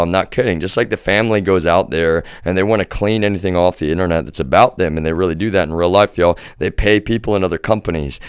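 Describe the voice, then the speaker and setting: A young man talks to his livestream viewers in a loose, rambling monologue. His voice sits a bit low and sounds smooth. He is close to the mic in a dry, dead room. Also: dry recording. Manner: rambling, addresses viewers as "y'all", restarts often. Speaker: livestream host.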